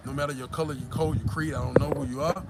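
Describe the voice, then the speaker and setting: A man delivers a blunt, profane livestream rant. His voice sits a touch high, and loud clicking noise runs behind him throughout. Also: fairly even intonation, quick pace. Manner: profane, blunt, emphatic preaching. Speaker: livestream host reading chat.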